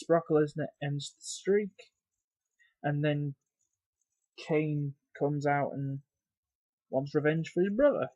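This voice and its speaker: A man delivering a profane, exasperated rant as a video review, sighing often between complaints. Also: no room sound. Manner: loud and emphatic at first, then grumbling and lower. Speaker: wrestling reviewer.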